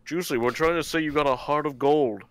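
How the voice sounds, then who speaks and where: A man's voice: fairly high pitch, brisk, clean tone. A man joking with mock sincerity in comedy sketch banter.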